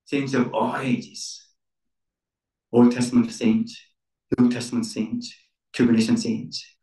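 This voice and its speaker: A man's voice: medium pitch, flat delivery, slow pace, dark tone. A man preaching a sermon as pastor, emphatic, repeating key words with rising stress. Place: church centre. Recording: echoey room, voice from far off.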